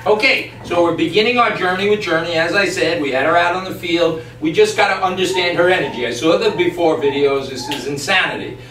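A man training a dog on camera, explaining each step calmly and emphatically and breaking off to speak to the dog. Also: sits high, brisk, hardly any pauses. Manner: calm, emphatic, talks to the dog in between. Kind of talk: on-the-spot training demonstration. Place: yard and doorway of a house. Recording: distant, echoey camera audio with background noise.

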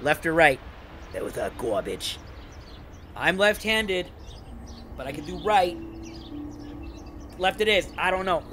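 A man's voice: sits high, a little slow, pauses often, pushed and bright, slight background noise. A man streaming a horror game live, chatting with viewers in a jokey way and reading subtitles aloud. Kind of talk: live let's-play commentary. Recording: game music under a home stream. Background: game music.

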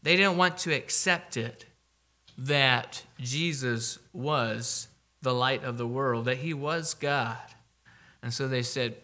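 Guy preaching at church, really bright voice, emphatic, reads verses slow. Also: mid-range voice. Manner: emphatic, reads scripture aloud slowly. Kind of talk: sermon.

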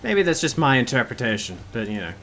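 Bright-voiced joking male streamer. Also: medium pitch, big pitch swings, quick pace, a little hiss or hum. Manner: joking, sarcastic, laughs often, swears. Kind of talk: casual gameplay commentary.

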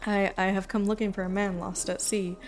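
A woman reading the lines of a brisk, no-nonsense witch healer in a game, in a teasing, matter-of-fact way. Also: mid-range voice, little pitch movement, lightly acted.

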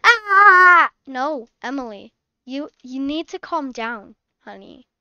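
A woman with a high-sitting voice hosts her channel, speaking a little slowly in a recording with no echo. She chats and role-plays a fussing, scolding mom in a game.

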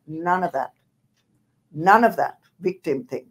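An older woman, a panel guest, telling anecdotes in a lively way and laughing through her points. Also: lowish voice, slow pace, husky. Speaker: panel guest, former university president.

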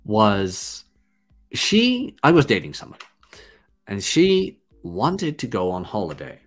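A man who hosts a podcast, giving a blunt, crude, animated casual monologue. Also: on the low side, slow, soft background music. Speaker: podcast host.

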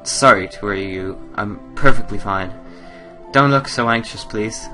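A man reading as a gentle sick mother. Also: lowish voice, normal speed, soft background music. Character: gentle ailing mother, kind and soothing.

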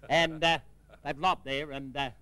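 A man's voice: on the high side, flat delivery, measured pace, pushed and bright. A man with an Australian accent, a comedy regular telling a long joke in a laid-back, rambling way. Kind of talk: comic yarn-telling.

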